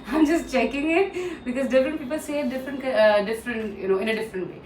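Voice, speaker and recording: A woman with an Indian English accent teaching English pronunciation in a casual lesson, repeating words slowly and mixing in Hindi phrases. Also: high-pitched, a little mellow. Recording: echoey room, distant mic, faint noise.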